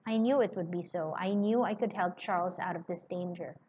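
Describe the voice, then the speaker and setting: A woman's voice: lowish voice, a little fast, warm tone, lightly acted. A woman voicing a confident elderly male doctor who speaks with cool assurance. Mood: assured. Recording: slightly muffled with faint hiss.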